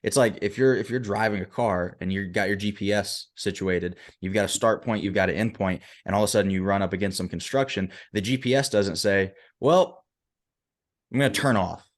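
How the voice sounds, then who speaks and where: Low-voiced, emphatic motivational speaker. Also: male voice, fairly quick, few pauses. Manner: emphatic, checks in with "right?". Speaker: motivational speaker and performance coach. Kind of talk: podcast guest storytelling.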